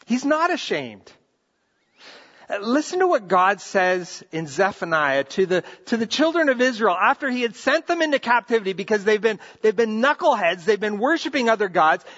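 A middle-aged man preaching a sermon as a pastor, earnest and animated, often restarting his phrases. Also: high voice. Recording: reverberant hall, muffled lo-fi sound.

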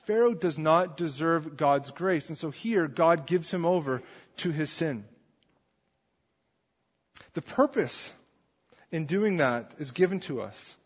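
A pastor preaches conversationally, regularly asking the congregation "right?" to check in with them. His voice is on the high side with lively intonation, slow and breathy with long pauses, and the recording sounds dull with a long hall reverb.

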